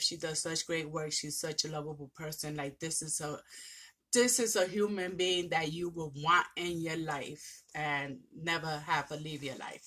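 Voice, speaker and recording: A woman's voice: on the low side, sharp tone. A woman vlogger, teary and emotional, gushing with thanks as she opens mail from a friend. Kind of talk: casual vlog, opening mail on camera.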